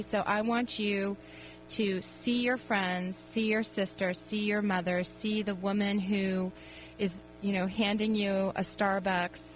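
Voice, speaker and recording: A woman's voice: mid-range voice, lo-fi sound, a little hiss or hum. A woman hosting a call-in radio advice show, talking in an upbeat, emphatic pep-talk manner.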